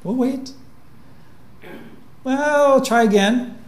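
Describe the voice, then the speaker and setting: A man voicing a polite, patient milking robot in a soft, reassuring tone during a talk. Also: extremely high pitch, extremely slow, pitched above the performer's own voice, heavily acted. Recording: echoey lecture room.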